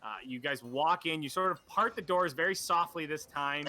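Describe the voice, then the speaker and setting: A man's voice: on the high side, normal speed, sharp tone, slight background noise. A man running a tabletop game as dungeon master, narrating with lots of ums and self-corrections.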